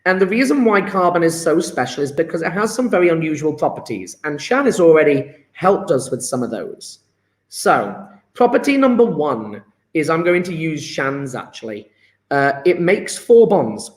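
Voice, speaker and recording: Chatty chemistry teacher, high voice. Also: male voice, sing-song, measured pace. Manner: chatty, encouraging, fillers of "yeah?". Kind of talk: live online lesson. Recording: echoey room.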